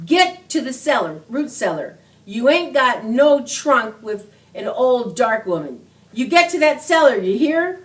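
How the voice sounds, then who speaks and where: A commanding old woman shoos children to safety in a storybook voice, high and loud, her rural dialect thick and clipped. A woman reader acts her out. She is fierce and protective, and she will not take no for an answer. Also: big pitch swings, unhurried, far from the mic. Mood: urgent commanding.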